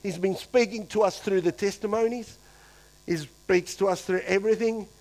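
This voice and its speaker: A pastor preaching a lively sermon to his church, acting out quoted voices and swinging between loud and hushed. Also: sits high, moderate pace, low-quality recording.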